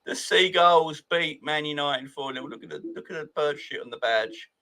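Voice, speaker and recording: Host: excitable man in his forties, bright forceful voice, casual live-chat energy. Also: a little high, normal speed. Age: 40s. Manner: excitable, laughs often, greets viewers by name. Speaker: football fan channel host. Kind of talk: casual live chat reading viewer comments.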